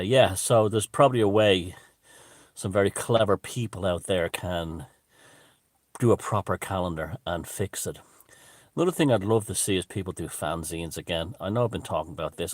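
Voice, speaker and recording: A man hosting a casual livestream, chatting loosely and digressively while answering viewer comments, with frequent pauses and fillers. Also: low-pitched, dry recording. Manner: rambling and digressive, many fillers. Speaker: livestream host.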